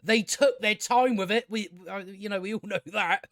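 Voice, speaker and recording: A man's voice: high-pitched, normal speed, bright, forceful tone, no echo, studio quality. A man ranting sarcastically about a movie, often stammering and restarting his sentences. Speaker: movie commentator. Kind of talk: casual opinion rant.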